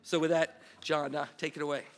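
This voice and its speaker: A man's voice: on the high side, flat delivery, fairly quick, noisy background. A man giving a memorial speech and introducing a panel, speaking as host in a lightly humorous, anecdotal way. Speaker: department representative and panel host.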